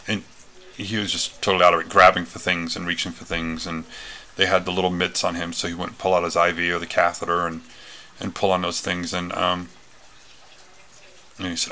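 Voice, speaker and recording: A man talks through a personal story, circling back with fillers and restarts. His voice sits fairly low but has a bright, forward edge and a gravelly texture. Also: flat delivery, moderate pace, long pauses. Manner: rambling, many fillers and restarts. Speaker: retreat speaker.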